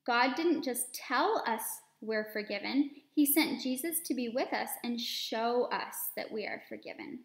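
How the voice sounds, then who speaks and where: A woman reading a children's story aloud expressively, pausing to explain words and lessons to young listeners. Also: on the high side, animated, echoey room.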